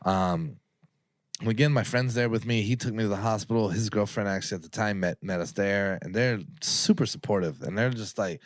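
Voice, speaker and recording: A man's voice: on the low side, fairly quick, no room sound. A man telling a personal story on a podcast in a casual, rambling way, swearing freely and acting out what people said. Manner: profane, rambling, acts out quoted people.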